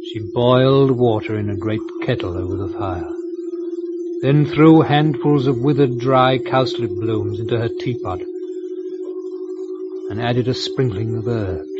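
A man narrating a radio drama in a measured, descriptive storytelling voice. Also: mid-range voice. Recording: muffled lo-fi recording with music.

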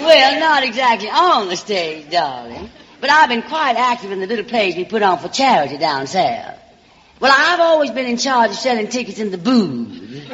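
A woman's voice: medium pitch, big pitch swings, moderate pace, fairly bright tone, some chatter behind. A woman with a Southern US accent hosting a radio variety show, delivering a comic monologue in a theatrical drawl, calling everyone darling. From Alabama, US South. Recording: muffled old radio broadcast with hall reverb and faint hiss.

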